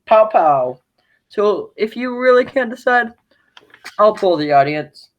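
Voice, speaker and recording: A man playing a relaxed, scatterbrained casting assistant who talks in a casual, offhand way, over a video call. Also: sits high, takes it slowly, poor audio. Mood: scheming. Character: laid-back, scatterbrained young male casting assistant.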